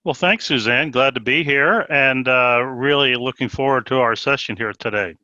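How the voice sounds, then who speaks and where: A man in his fifties answers questions on a remote panel. He talks loosely, with plenty of fillers. His voice is bright and forceful, and the sound is dry and a bit lo-fi. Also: mid-range voice, moderate pace, no echo. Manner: relaxed, with many "you know" and "kind of" fillers. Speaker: panel guest, industry executive. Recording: dull, lo-fi remote audio.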